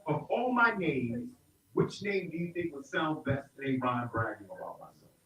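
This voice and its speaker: A man's voice: on the high side, very animated, moderate pace, fairly bright tone. Playful middle-aged man leading a rhyme workshop. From South Carolina. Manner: upbeat call-and-response with a group, playful. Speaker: hip-hop teaching artist. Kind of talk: interactive workshop lesson. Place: indoor room with an audience. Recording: roomy, distant, dull sound.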